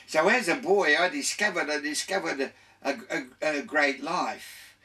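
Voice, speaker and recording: A man's voice: on the high side, a little slow, pushed and bright, far from the mic. An older man with an Australian accent, a radio guest telling his life story in a rambling way, full of restarts and laughter.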